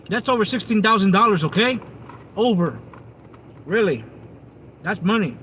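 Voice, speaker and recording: A man with a notably high voice rambles through a casual livestream, talking straight to his viewers. He is outdoors, and faint vehicle noise hums in the background. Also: animated, moderate pace, long pauses, fairly bright tone. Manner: rambling, chatty, addresses viewers directly. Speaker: live streamer.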